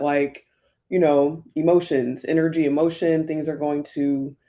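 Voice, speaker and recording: A woman vlogger talking candidly and reflectively while getting ready, often using fillers and sometimes close to tears. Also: low-pitched. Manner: reflective, soft-spoken, many fillers; emotional, near tears at times. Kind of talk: candid get-ready-with-me talk.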